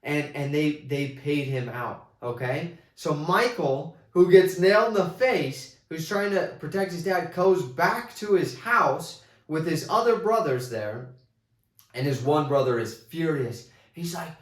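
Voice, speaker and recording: A man giving a casual movie review, rambling with many restarts and excited retellings. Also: a little high, a little slow, reverberant.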